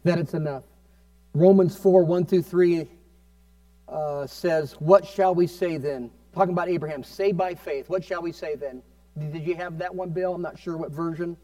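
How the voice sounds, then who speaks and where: A man's voice: fairly high pitch, fairly even intonation, normal speed, mellow, no echo, distant mic. A man preaching a fervent sermon as pastor, often prompting the congregation with amen.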